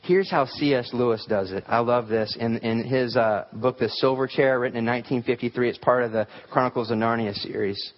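A man's voice: medium pitch, steady tone, a little fast, few pauses, muffled recording. A man preaching a sermon, telling folksy stories with humor and lots of fillers. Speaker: pastor.

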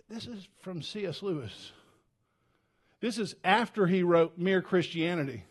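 An expressive man with a breathy edge preaches as a pastor in a church, keeping a measured pace. Earnest and conversational, he restarts often and swings from loud urgency down to hushed, low tones.

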